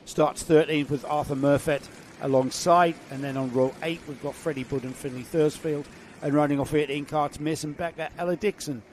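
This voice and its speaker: Man commentating kart racing. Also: fairly high pitch. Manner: chatty, jokey, rising excitement on action. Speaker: race commentator. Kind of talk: live motorsport commentary.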